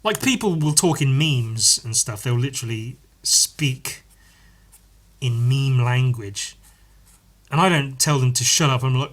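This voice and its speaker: Bright-voiced man rambling on his podcast. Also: medium pitch, lively intonation, unhurried. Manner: rambling, self-correcting, swears freely. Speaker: podcast host. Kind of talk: casual solo podcast monologue.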